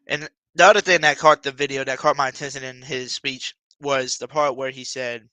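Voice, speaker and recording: A young man runs his own football fan video and talks to his viewers with open excitement. His voice is bright and crisp, recorded dry and close. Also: mid-range voice, normal speed, few pauses, no echo, rough recording. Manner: excited, addresses viewers directly. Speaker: sports fan video host. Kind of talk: casual fan commentary.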